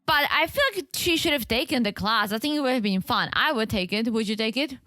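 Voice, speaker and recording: A woman's voice: fairly high pitch, a little fast, pushed and bright, no echo, clean studio sound. A woman co-hosting a podcast, chatting casually and thinking aloud while recapping a reality show. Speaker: podcast co-host.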